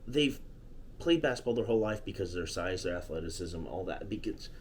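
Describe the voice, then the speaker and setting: A man's voice: deep voice, expressive, fairly quick, a little hiss or hum. A man co-hosting a podcast, talking casually and at length about basketball coaching. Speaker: podcast co-host. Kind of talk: casual sports chat.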